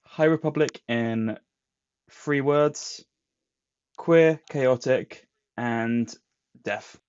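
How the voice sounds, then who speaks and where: A man's voice: medium pitch, extremely slow, darkish tone, clear, resonant tone, no room sound, lo-fi sound. A man co-hosting a podcast in casual, jokey chat. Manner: jokey, playful banter. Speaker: podcast co-host.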